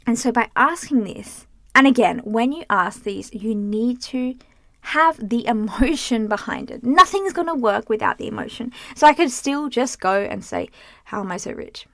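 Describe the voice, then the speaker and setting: An animated young woman with a fairly high voice talks through self-help ideas in a loose, casual way. She swears now and then and acts out inner voices. The sound is close and dry, recorded in a small closet among clothes. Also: normal speed, no room sound. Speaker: healing coach.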